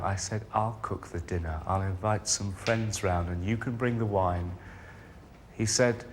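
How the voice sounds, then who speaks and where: Guy from england doing a spoken word poem, low voice, real slow and measured, bit of hiss behind. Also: steady tone. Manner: slow, measured delivery with long pauses. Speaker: poet performing his own poem. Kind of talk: spoken word poetry performance.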